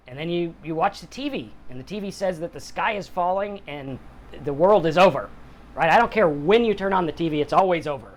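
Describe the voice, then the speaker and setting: A man's voice: on the high side, animated, fairly quick. Conversational middle-aged man hosting a podcast. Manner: conversational, acts out quotes in other voices. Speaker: podcast host. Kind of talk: casual motivational talk on sobriety.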